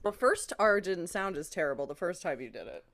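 Lively, teasing woman producer. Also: lowish voice, brisk, no room sound, studio quality. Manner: teasing, giggly, playful. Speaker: podcast producer. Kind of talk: casual chat.

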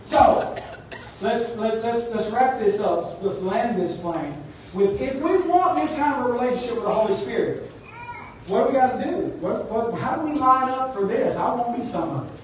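A man's voice: extremely high pitch, expressive, moderate pace, a little hiss or hum. A man preaching a sermon as pastor, emphatic and exhorting his congregation. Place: church sanctuary. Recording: echoey church hall, mic at a distance.

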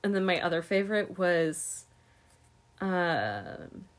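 A woman's voice: lowish voice, fairly bright tone. A woman co-hosting a podcast, gushing and giggling as she rambles casually about favorite characters. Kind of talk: casual chat about books.

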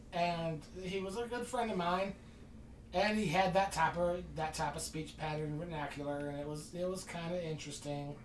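A podcast host telling a long story in casual chat, rambling and animated, acting out the quoted dialogue. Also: medium pitch, slight background noise. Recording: distant mic in an echoey room.

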